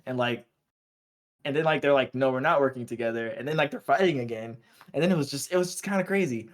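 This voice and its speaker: A young man co-hosting a podcast, recapping anime episodes in a rambling, excited, slang-filled way. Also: a little high, fast. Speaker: podcast co-host.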